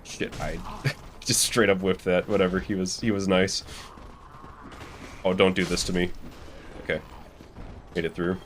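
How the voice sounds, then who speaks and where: Deep-voiced man chatting over gameplay. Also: steady tone, measured pace, long pauses, noisy background. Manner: chatty, swears casually, laughs at own mistakes. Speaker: speedrunner streamer. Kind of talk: casual live gameplay commentary.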